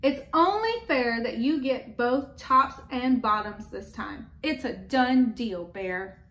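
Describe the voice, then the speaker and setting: Sly, smug male hare for a storybook read-aloud, a woman voices him; bright, sweet-talking, high, in a roomy space. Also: slow. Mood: smooth-talking. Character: sly cheerful male hare, a clever farmer. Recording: echoey room.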